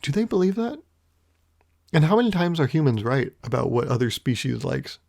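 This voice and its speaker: A man's voice: a little high, big pitch swings, moderate pace, creaky, a little mellow. A man hosting his own podcast, musing in a wry, rambling way, swearing casually and chuckling often. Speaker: podcast host. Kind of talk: casual solo podcast monologue.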